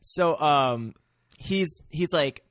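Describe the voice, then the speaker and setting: A man's voice: fairly high pitch, animated, drawn-out words, a bit bright, no room sound, clean studio sound. A man co-hosting a casual podcast, rambling through a film recap with lots of fillers and searching for words. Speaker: podcast co-host.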